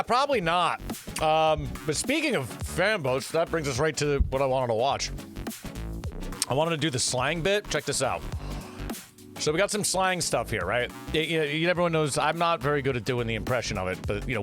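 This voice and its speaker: A young man hosting a casual food show, rambling and swearing freely as he reads out a list. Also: fairly bright tone. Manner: rambling, loose and profane, big jumps in pitch on words read out. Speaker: host. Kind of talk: casual chat.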